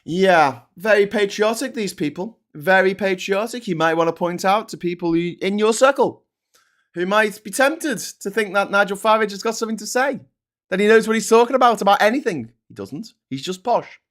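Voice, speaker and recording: A man's voice: high voice, animated, moderate pace, a bit bright. A man ranting in political commentary, sardonic and profane.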